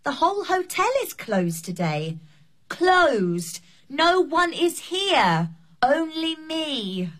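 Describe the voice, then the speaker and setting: Brief: a high, animated hotel receptionist, slow and clear. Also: female voice, heavily acted. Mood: flustered. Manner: speaks slowly and clearly to be understood. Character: flustered female hotel receptionist. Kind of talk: scripted learning drama.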